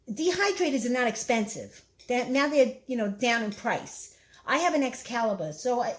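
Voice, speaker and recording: Chatty Brooklyn woman with a higher voice. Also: a little hiss or hum, rough recording. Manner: chatty, rambling, repeats herself with fillers. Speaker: cooking vlogger. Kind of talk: casual how-to cooking vlog.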